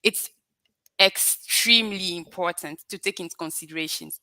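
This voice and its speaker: A woman's voice: fairly low pitch, moderate pace, bright, forceful tone, dry recording. A woman giving a conversational tech talk at a developer conference, earnest and repeating words as she thinks. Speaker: conference speaker. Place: conference venue.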